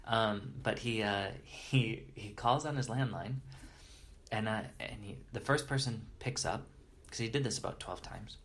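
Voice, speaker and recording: Male interview guest with a lowish voice, earnest and reverent storyteller, halting restarts. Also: a bit bright. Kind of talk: storytelling in conversation.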